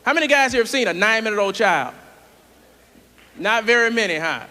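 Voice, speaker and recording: High, bright stand-up comic man. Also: a little fast. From southern United States. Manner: animated, playful, jumps into character voices. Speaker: stand-up comedian. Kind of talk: stand-up comedy set. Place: large theater stage. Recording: live theater hall with audience.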